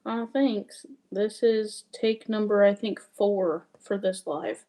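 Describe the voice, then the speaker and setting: Mellow-voiced woman chatting on a livestream. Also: mid-range voice, fairly even intonation, slow pace. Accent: mixed Wyoming and Southern Louisiana. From Wyoming, USA. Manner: chatty, reads and answers viewer comments. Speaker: cross-stitch livestreamer. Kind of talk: casual livestream chat.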